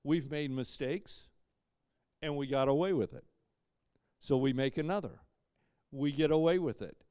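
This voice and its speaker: A man preaching a sermon as pastor, emphatic, swinging between loud punches and quiet asides, with dry joking asides. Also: mid-range voice, measured pace, smooth, dry recording.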